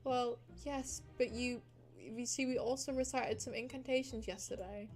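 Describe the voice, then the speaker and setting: A woman's voice: fairly high pitch, normal speed, darkish tone, lightly acted. A woman voicing an overworked, stubborn young wife in a cozy game, pleading and bargaining.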